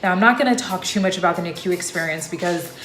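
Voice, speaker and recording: Young woman vlogger, slightly low voice, chatty storyteller, roomy echo. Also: fast, fairly bright tone. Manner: chatty, loose, with frequent fillers. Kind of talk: casual personal storytelling to camera. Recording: echoey room.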